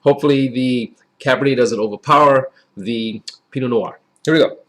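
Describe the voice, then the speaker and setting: A man's voice: mid-range voice, moderate pace. A man giving a casual, chatty wine review in a folksy way that often repeats itself. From Wisconsin.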